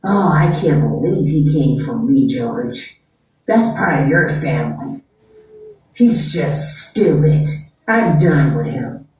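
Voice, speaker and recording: A woman's voice: low-pitched, expressive, slow, a little mellow, soft background music, pitched below the performer's own voice. A woman voicing a snobbish wealthy mother who scolds and disowns her son. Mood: scornful. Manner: haughty, scolding. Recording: echoey room, far from mic.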